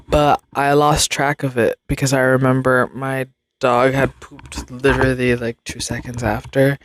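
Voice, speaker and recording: A woman's voice: very deep voice, no echo, clean studio sound. A young adult woman hosting a podcast, rambling in casual chat with slang and frequent laughs. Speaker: podcast host.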